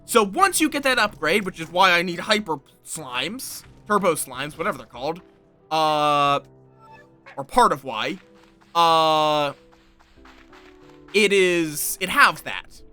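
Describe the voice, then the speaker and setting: With faint music underneath, a man streams gameplay in a fairly high, expressive, pushed voice, going slowly and leaving long pauses. His chatter is playful and meandering, full of self-deprecating jokes and remarks to viewers.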